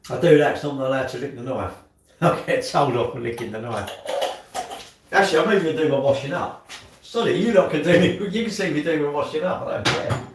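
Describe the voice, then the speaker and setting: A man's voice: on the high side, expressive, fast, background noise. A man live-streaming from his home kitchen, rambling casually and muttering to himself as he does chores. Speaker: livestreamer. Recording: echoey room, mic set far off.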